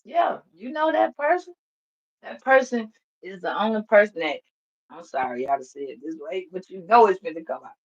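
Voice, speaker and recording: A woman's voice: medium pitch, normal speed, highs cut off. Profane, blunt woman giving a casual reading. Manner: profane, blunt and animated, laughs often. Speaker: tarot reader. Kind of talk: casual spiritual reading monologue.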